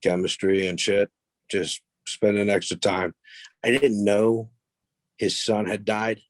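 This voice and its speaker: A low-voiced man tells stories as a podcast guest, blunt and full of swearing. He talks with a cocky edge. The sound is close and dry, with no room behind him. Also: level tone, slow, no echo. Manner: blunt, profane, boastful. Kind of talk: casual storytelling interview.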